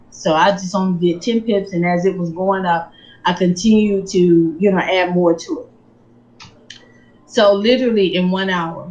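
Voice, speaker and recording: Woman preaching her testimony, high voice, emphatic and animated, kinda dull recording. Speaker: speaker on faith and finances. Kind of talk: sermon-style personal testimony.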